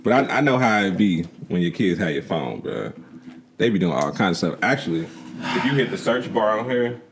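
Man, podcast co-host, low voice, lively intonation, dry teasing, faint background noise. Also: fairly quick. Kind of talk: casual chat.

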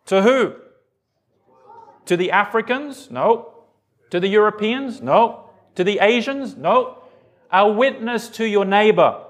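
A man's voice: sits high, takes it slowly, pauses often. A man preaching a sermon, reading scripture and asking his congregation questions as he goes. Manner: animated, asks the congregation questions. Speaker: pastor.

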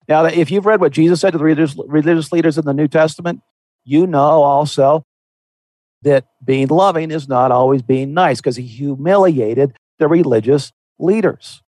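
A man's voice: a little high, darkish tone, no echo, rough recording. A man speaking earnestly and conversationally on a Christian talk show, often repeating a word as he restarts.

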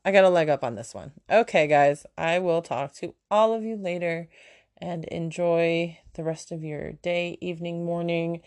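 Low-voiced lady rambling on her home podcast, jokey and self-deprecating, mouth sore so a bit slurry. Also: darkish tone. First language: German. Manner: chatty, self-mocking asides. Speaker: podcast host. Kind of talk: casual solo podcast storytelling. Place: home room with kids nearby.

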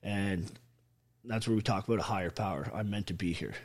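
A man's voice: on the low side, brisk, darkish tone. An army veteran telling his story as an interview guest, blunt and full of swearing. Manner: blunt, heavily profane, emphatic.

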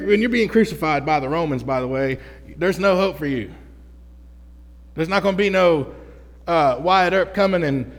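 A man preaches with a high, bright-sitting voice, talking to his congregation in a casual, energetic way and often restarting his sentences. His voice rings out with a long reverb, as in a large church hall. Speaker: pastor. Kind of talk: sermon.

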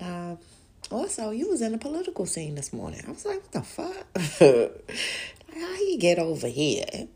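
A woman hosting a podcast in casual chat, loose and rambling, profane and animated, often laughing and slipping into voices to quote people. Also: on the low side, gravelly. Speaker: podcast host.

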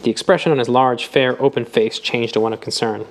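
A man narrating an audiobook with a measured, even reading. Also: medium pitch.

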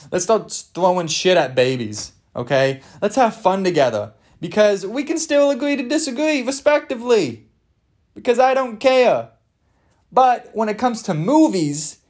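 A man's voice: a little high, a little mellow. A young man hosting a podcast, ranting in a rambling, jokey, over-the-top way and swearing freely. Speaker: podcast host. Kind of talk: casual comedic rant.

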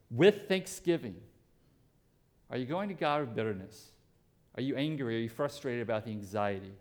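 A man's voice: a little high, a little mellow. A male pastor preaching a sermon earnestly and emphatically, asking rhetorical questions.

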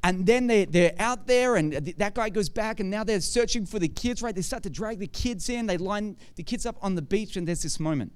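High-voiced, clear-toned male preacher. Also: fairly quick, hardly any pauses. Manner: conversational, asks rhetorical questions, grows forceful. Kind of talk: sermon.

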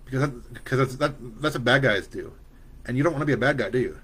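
A man reads the part of a young mother who is worried and loving, speaking to her son gently but firmly. His voice is mid-range and husky, and he talks fast.

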